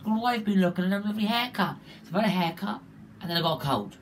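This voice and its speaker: Man, vlog host, stuffy cold, sore throat, showy, swings high and low, faint hum behind. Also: expressive, fast talker. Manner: upbeat and showy, with big jumps between bright greetings and low asides. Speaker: vlogger and show host. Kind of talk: casual weekly vlog.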